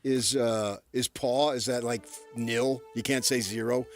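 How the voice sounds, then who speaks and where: A man's voice: medium pitch, steady tone, a little slow, faint music behind. A man co-hosting a sports talk radio show, teasing his partner in a joking way. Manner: joking, needling his co-host.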